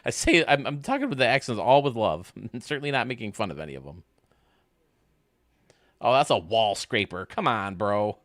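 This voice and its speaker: A man's voice: on the low side, sing-song, moderate pace, a bit bright, no room sound, clean studio sound. A man streaming a baseball game, rambling and joking casually with his chat. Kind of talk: casual chat while playing.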